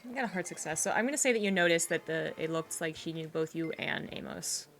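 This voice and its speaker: A woman running a tabletop horror game as game master, relaxed and often laughing. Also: sits low, fast talker, a little hiss or hum.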